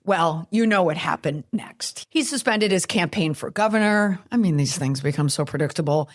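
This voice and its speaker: Casting: middle-aged woman, podcast host, wry and chatty, slightly low voice. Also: normal speed. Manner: wry, chatty, laughs at her own asides. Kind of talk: casual commentary podcast.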